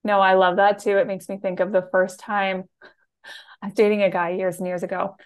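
Woman telling a lively personal story. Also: medium pitch, clear, resonant tone. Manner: animated storyteller, quick and laughing. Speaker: podcast host. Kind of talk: casual podcast conversation.

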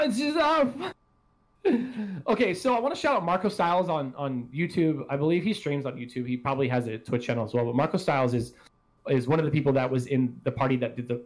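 A man hosting a casual gaming podcast, rambling and swearing freely as he talks. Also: mid-range voice. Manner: rambling, profane, self-deprecating. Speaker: podcast host.

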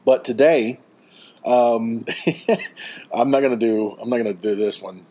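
A man in his forties hosting a casual podcast chat, relaxed and rambling with frequent chuckles. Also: medium pitch, measured pace, background noise. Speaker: podcast host. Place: beach vacation home.

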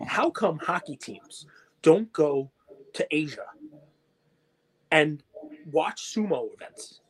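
A man co-hosting a podcast, chatting about sports in an excitable, jokey, rambling way. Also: a little high, slightly rough. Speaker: podcast co-host. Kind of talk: casual sports chat.

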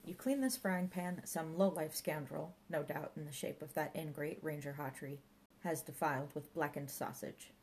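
A woman's voice: deep voice, normal speed, a little mellow, slight background noise, low-quality recording. A woman reading an audiobook and voicing a grandiloquent, pompous middle-aged male park ranger who fancies himself a martial arts mentor. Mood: bossy. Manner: grandiloquent, theatrical. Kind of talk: audiobook character voice.

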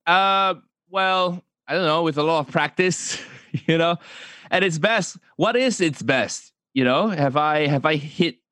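A man's voice: fairly high pitch, unhurried, a bit bright, no echo, studio quality. A man from Malaysia, a comedian answering interview questions casually, often hesitating and restarting his sentences. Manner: hesitant, many restarts and fillers. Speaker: comedian and YouTuber guest.

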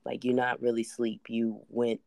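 A man in a mid-range voice, chatting on a podcast in easy slang. He tells loose, relaxed stories and reacts freely to his co-host. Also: medium pitch, normal speed, creaky, no room sound, studio quality. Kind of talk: casual chat.

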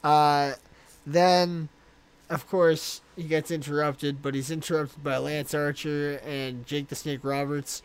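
Smooth-voiced man recapping excitedly. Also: fairly high pitch, takes it slowly. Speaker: podcast host. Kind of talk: casual wrestling recap chat.

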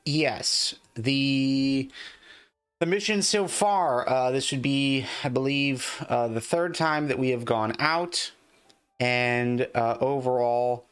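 Brief: male game master, slow and hesitant, clear smooth voice, light music bed. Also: mid-range voice, fairly bright tone. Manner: halting, many fillers while explaining. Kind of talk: narrating a tabletop game.

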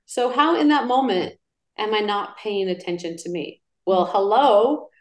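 A middle-aged woman, a podcast guest, chatting casually and telling lively stories. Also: mid-range voice, measured pace. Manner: animated storyteller. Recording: roomy echo.

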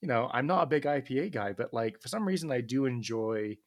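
A man's voice: medium pitch, expressive, brisk, dry recording, studio quality. A man from California co-hosting a podcast, telling chatty anecdotes in casual conversation. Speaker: podcast co-host. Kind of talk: casual chat.

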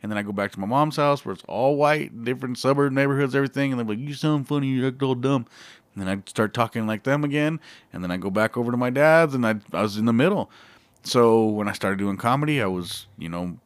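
A man's voice: medium pitch, animated, quick pace, no echo. A stand-up comedian in his forties, a man talking loosely in a casual interview, swearing freely and laughing often.

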